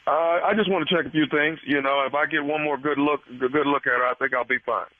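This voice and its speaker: A man's voice: fairly high pitch, steady tone, fast talker, dry recording, close to an everyday voice. A man playing a sleazy male doctor in a radio prank call, talking in a hesitant, stammering, sly way. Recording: tinny phone line.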